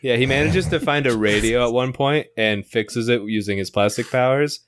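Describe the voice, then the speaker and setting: A man's voice: medium pitch, moderate pace, no room sound, clean studio sound. A young man co-hosting a podcast, joking and swearing as he riffs on a comedy story idea. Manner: joking, profane, acts out voices. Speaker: podcast co-host. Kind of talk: casual comedic brainstorming chat.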